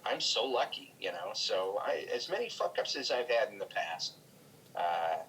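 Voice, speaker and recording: Candid, bright-voiced comedian man. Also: lowish voice, very animated, a little hiss or hum, low-quality recording. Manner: candid, profane, halting with many restarts. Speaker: guest comedian. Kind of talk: casual chat over a call.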